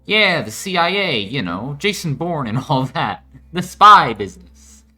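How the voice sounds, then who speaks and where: A man voicing a cheerful, chatty American spy passenger with an American accent, loud and boisterous. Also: fairly high pitch, big pitch swings, a little slow, soft background music, voice pushed up, full character voice.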